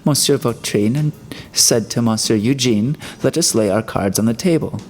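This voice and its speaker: A man's voice: medium pitch, moderate pace, lightly acted. A man doing a flustered fat cook woman.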